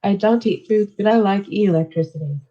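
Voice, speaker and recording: A woman's voice: mid-range voice, a little fast, close to an everyday voice. A synthetic woman's voice speaking for a terse, literal female robot, off-mic on dull lo-fi audio. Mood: matter-of-fact.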